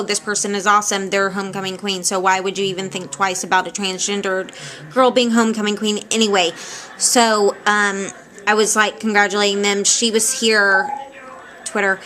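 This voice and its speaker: A woman telling stories casually to a handheld camera at home, rambling and animated. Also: medium pitch. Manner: rambling, animated, quick to laugh. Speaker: vlogger. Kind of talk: casual storytelling vlog. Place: at home indoors. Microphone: handheld camera at arm's length.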